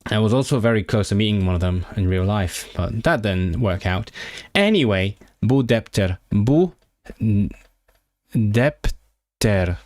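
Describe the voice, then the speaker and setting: A man's voice: on the low side, lively intonation, a little slow, a little mellow, dry recording. A young man live-streaming his language study, chatting with viewers and sounding out foreign words with frequent restarts. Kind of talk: casual live-stream chat.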